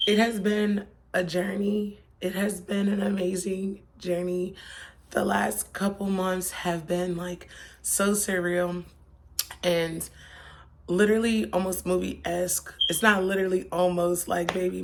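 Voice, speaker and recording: A woman's voice: on the low side, level tone, a little slow. A young woman from Pennsylvania vlogging in a chatty, rambling, slangy way that turns emotional. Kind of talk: casual chat. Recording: faint background noise.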